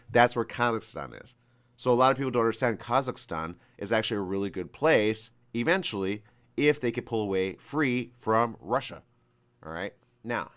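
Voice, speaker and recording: A man's voice: lowish voice, fairly bright tone, clean tone. A man hosting a live talk show, giving rambling, conversational commentary with an American West Coast accent. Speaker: host.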